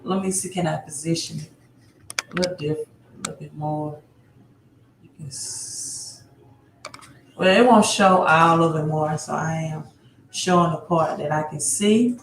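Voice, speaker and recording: A woman's voice: deep voice, measured pace, long pauses, noisy background. A woman hosting a live stream, greeting viewers one by one and often tagging her phrases with "right?". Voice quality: repeats place names, tags phrases with "right?". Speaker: livestream host. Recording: roomy echo.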